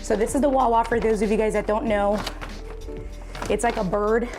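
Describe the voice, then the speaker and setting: A woman's voice: on the high side, steady tone, normal speed, music in the background. A woman live streaming, chatting casually to her viewers and reading their comments. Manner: chatty, talks straight to viewers and reads chat. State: out of breath.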